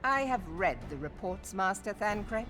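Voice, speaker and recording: A woman's voice: mid-range voice, expressive, a little slow. A woman voicing a commanding female admiral in a game cutscene, regal and blunt, heard from a game in the background. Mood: frustrated. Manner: regal, forceful. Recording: game audio played from a distance under music.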